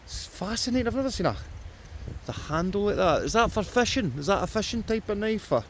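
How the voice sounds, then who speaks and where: High-voiced and fairly quick, with big swings in pitch, a Scottish man offers a joking running commentary while metal-detecting for his vlog in riverside woods. The river flows in the background of the noisy outdoor audio.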